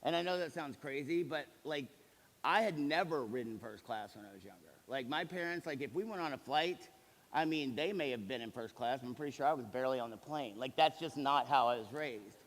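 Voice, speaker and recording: A man's voice: mid-range voice, brisk. Man telling stories on stage in a reverberant hall. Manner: animated storyteller who acts out quoted dialogue. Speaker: company executive speaking at a seminar. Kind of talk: motivational stage talk with stories. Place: large hall with live audience.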